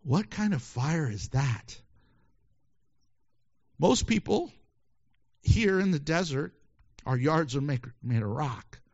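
A pastor preaching a sermon, lively and joking, acting out quoted voices as he reads scripture. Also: sits high, lo-fi sound.

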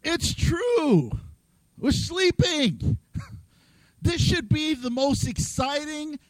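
A man's voice: extremely high pitch, big pitch swings, extremely slow, dry recording, poor audio. A man preaching a sermon in a playful way, acting out voices and laughing often. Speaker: pastor.

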